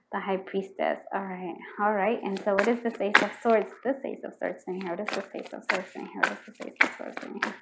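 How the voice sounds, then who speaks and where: A woman's voice: mid-range voice, heavy background noise. A woman giving a pick-a-card tarot reading, talking in a loose, rambling way full of fillers and restarts, muttering questions to herself as she draws cards and perking up when a card fits. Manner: murmurs repeated questions while drawing cards; excitable, bursts out when a card confirms her read.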